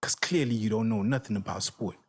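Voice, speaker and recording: A man's voice: fairly low pitch, fairly quick, darkish tone, husky. A man hosting a sports reaction channel, ranting heatedly and profanely at his viewers, repeating his points for emphasis. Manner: heated, repetitive, profane, addresses viewers directly. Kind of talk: angry solo reaction rant.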